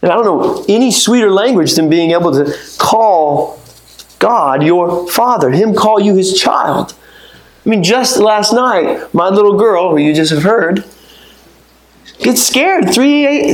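A man preaching a sermon, swinging from low, measured teaching to high, urgent pleading. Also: expressive. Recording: roomy echo.

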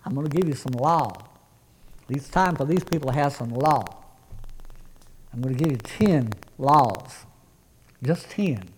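A man preaching, voicing God as a calm, commanding male figure who speaks low and deliberately. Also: breathy edge, in a large hall, poor audio.

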